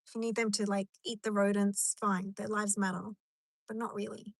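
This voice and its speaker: A woman's voice: mid-range voice, level tone, moderate pace, vocal fry, no echo. A woman chatting on a live stream from her car in a rambling, chatty way, answering comments as they come in. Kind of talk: casual live stream chat.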